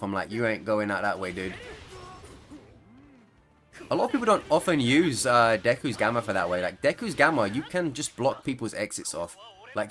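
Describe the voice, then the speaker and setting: A man's voice: on the low side, a bit bright. Rambling, jokey male gameplay commentator. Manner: rambling, jokey, laughs often. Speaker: gaming YouTuber.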